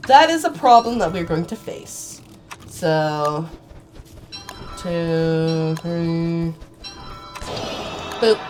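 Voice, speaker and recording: A woman commentating her own gameplay, swearing and yelling at the screen in sudden bursts, sometimes putting on a playful old-fashioned voice, on a cheap mic. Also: lowish voice, very slow, long pauses. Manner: excitable, swears a lot, sudden outbursts. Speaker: gaming channel host. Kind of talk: solo game commentary. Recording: cheap mic, faint game music.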